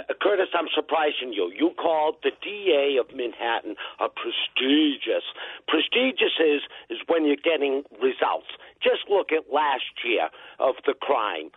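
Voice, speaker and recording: A man's voice: mid-range voice, big pitch swings, a little slow, breathy edge, no echo. Boston-accented male caller on a tinny phone line. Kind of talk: call-in radio talk.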